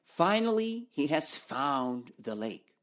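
Slow, animated male story teacher. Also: medium pitch. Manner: asks questions and answers them himself, playful. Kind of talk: question-and-answer story lesson.

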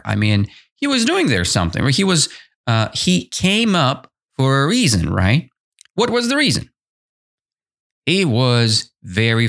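Lively slow-talking male teacher. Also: mid-range voice. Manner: animated, repetitive, asks listeners questions. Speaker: English teacher, podcast host. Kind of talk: explaining a story in a language lesson.

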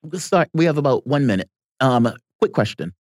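A man's voice: medium pitch, expressive, brisk, a little mellow, no echo, clean studio sound. A man co-hosting a political talk podcast, chatting casually, laughing often and slipping into playful impressions. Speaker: podcast co-host.

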